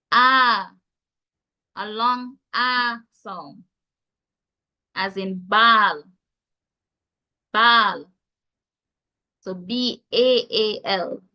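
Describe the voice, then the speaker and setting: This Jamaican-accented woman has a bright, forceful voice that sits on the high side. In her online pronunciation class she encourages students and spells out sounds with care, all captured on dull, lo-fi call audio.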